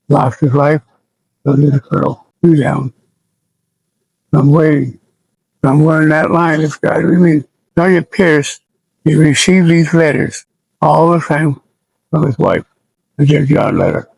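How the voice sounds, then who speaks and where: An American man in his seventies, an army veteran recalling his service in a plainspoken, halting and somber way for an interview. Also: on the high side, vocal fry, darkish tone, husky, no echo, rough recording. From United States. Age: 70s. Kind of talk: oral history recollection.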